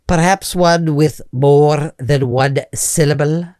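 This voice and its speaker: A man's voice: fairly high pitch, fairly even intonation, takes it slowly, darkish tone, clear, resonant tone, no echo, studio quality. A man doing a stiff, pompous memory coach. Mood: prim. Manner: formal, precise, avoids contractions. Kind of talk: comedy sketch acting.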